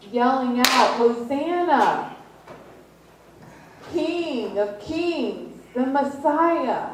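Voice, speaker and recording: A woman preaching a sermon, retelling a story slowly with repetition and pointed questions to the congregation. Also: on the high side, a little mellow, a little hiss or hum. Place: church. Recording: echoey room, distant mic.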